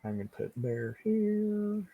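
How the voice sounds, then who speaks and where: A man's voice: high-pitched, sing-song, takes it slowly, phone-quality sound. A man running a live tabletop game as game master, talking casually with frequent restarts and the odd swear.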